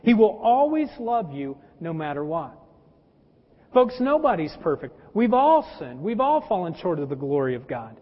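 High-voiced folksy pastor preaching. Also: male voice, very animated, normal speed. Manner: folksy, addresses listeners as folks; personal anecdotes and humor. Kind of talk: conversational sermon. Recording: dull lo-fi with long hall reverb.

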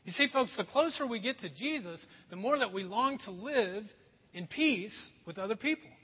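A man preaching a lively sermon as a pastor, acting out quick voices for laughs. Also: sits high, slightly rough. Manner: animated, acts out voices for laughs. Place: church sanctuary. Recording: echoey hall, dull sound.

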